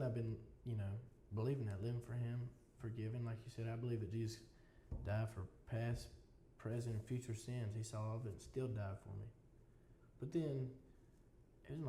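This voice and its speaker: A man speaking as an interview guest, recounting things in an earnest, reflective way. His voice is mellow and warm, and the room lends a noticeable echo with faint ambient noise underneath. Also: mid-range voice. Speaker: podcast guest. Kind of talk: casual interview conversation.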